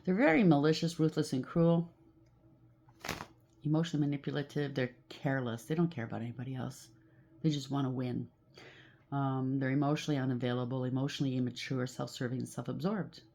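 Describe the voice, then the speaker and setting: A woman's voice: very deep voice, fairly even intonation, fairly quick, mellow. A woman doing a casual tarot reading, blunt and emphatic, with a lot of repetition as she calls out the cards. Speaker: tarot reader.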